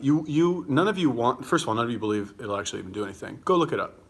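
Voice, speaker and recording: A man's voice: mid-range voice, racing, slightly rough. A young man hosting a casual livestream, answering viewer comments bluntly and combatively, swearing freely and talking while he eats. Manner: talks while eating.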